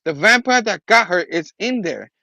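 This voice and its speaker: A man's voice: high voice, expressive, moderate pace, gravelly, bright, forceful tone, no echo, voice pushed up, full character voice. A man voicing an urgent, bossy young man in a casual comic book retelling, pushy and insistent.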